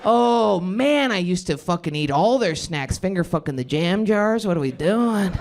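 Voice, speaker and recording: A woman's voice: on the low side, animated, moderate pace, a little mellow. A woman in her thirties doing crowd-work stand-up comedy on a club stage, rambling, cutting herself off and laughing at her own jokes. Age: 30s.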